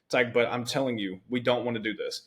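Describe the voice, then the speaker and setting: Young guy hosting a podcast, talks fast and loose with lots of "it's like" asides. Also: medium pitch. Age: young adult. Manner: animated storytelling with many "it's like" asides. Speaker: podcast host. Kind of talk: conversational interview.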